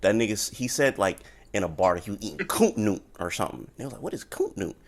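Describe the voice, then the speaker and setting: A man hosting a podcast from Florida, chatting loosely and joking in quick bursts over a call. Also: on the low side, animated, vocal fry. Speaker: podcast host. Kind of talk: casual chat. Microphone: remote call mic.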